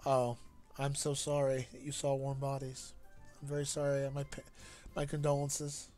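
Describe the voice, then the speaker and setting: A man's voice: mid-range voice, completely flat delivery, a little mellow. A man streaming a game and chatting casually, rambling and joking with frequent restarts. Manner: rambling, jokey, halting restarts. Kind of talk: casual gameplay commentary. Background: faint game music.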